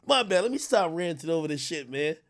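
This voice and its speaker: A young man from Jamaica, speaking, rants on his livestream. His voice sits a little high, and he swings between loud, animated outbursts full of swearing and quieter, muttered asides. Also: fairly quick. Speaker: streamer. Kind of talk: ranting livestream commentary.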